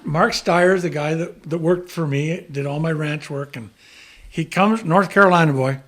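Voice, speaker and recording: A man's voice: on the high side, normal speed, fairly bright tone. A man telling a long story in a casual chat, acting out the voices of the people he quotes and chuckling as he goes. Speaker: guest.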